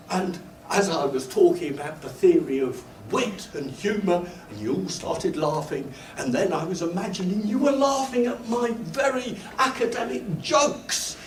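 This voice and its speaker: An older British man giving a university lecture, animatedly telling stories and acting out his own embarrassed asides. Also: high voice. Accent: British English. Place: lecture hall. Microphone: room recording from a distance. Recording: echoey lecture hall, distant mic, faint noise. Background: student laughter.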